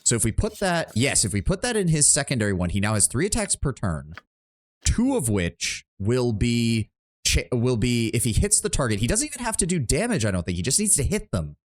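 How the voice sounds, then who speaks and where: Animated man streaming a game. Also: medium pitch, brisk. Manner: chatty, animated, joking. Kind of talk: live gameplay commentary.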